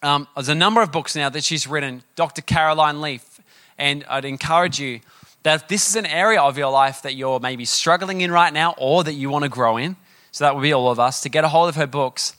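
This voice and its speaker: A young man preaching a sermon, telling a story in a chatty, animated way with many fillers. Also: fairly high pitch, fairly quick.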